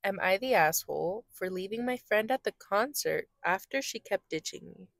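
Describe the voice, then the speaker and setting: A woman's voice: mid-range voice, lively intonation, normal speed, vocal fry, dry recording, clean studio sound. A woman co-hosting a podcast in casual chat, giggly and playful. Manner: giggly, playful, slips into silly accents. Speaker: podcast co-host.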